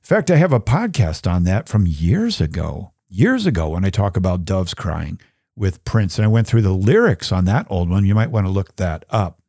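A man's voice: low voice, normal speed, husky, no echo, clean studio sound. Folksy, chatty man hosting a faith podcast. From Minnesota. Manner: chatty, folksy, animated asides. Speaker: podcast host. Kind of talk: casual Catholic teaching talk.

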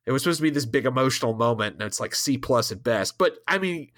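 A man's voice: medium pitch, animated, fast talker, fairly bright tone. A man co-hosting a casual podcast, critiquing a TV episode in a hedging, conversational way with loose swearing. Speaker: podcast co-host.

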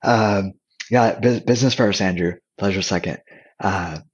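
Brief: low, husky male guest, candid and loose, slightly dull lo-fi recording. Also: a little slow. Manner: relaxed, candid, many fillers and restarts. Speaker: podcast guest. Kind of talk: casual conversational storytelling.

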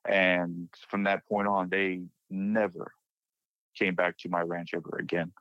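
Speaking a little slowly, a lowish-voiced man tells a spooky personal paranormal story as a guest, animatedly reenacting his friends' panicked words in a casual telling. The dry, dull lo-fi podcast mic picks up no room sound.

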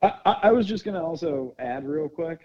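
Mellow man spinning theories, lo-fi. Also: fairly high pitch, expressive, brisk. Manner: explains theories at length, thinking aloud. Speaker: podcast co-host. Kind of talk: casual chat.

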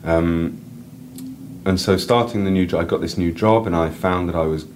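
Brief: low-voiced male writer guest, chatty and rambling, faint background hiss. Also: normal speed. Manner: rambling and enthusiastic, many restarts and "like"s. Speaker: author and editor, guest. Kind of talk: casual interview and reading aloud.

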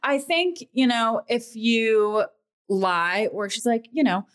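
Animated woman guest telling family stories. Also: on the high side, takes it slowly, clean tone. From Texas. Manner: animated storyteller, mimics voices, laughs often. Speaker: podcast guest. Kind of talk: casual chat.

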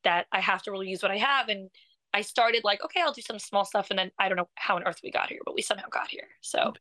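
A young English woman, a singer appearing as a guest, talks quickly in a medium-pitched voice during a casual interview. She's animated, laughs often and uses many fillers and restarts; the recording is low quality with no room sound.

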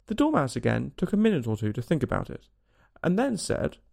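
A man narrating a storybook aloud in a lively, expressive way. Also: medium pitch, fairly quick, creaky.

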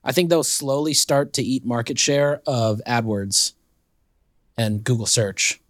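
Male co-host, relaxed blunt chat, dry studio mic. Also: mid-range voice, unhurried, dry recording. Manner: laid-back, blunt, laughs easily. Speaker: podcast co-host. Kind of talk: casual chat.

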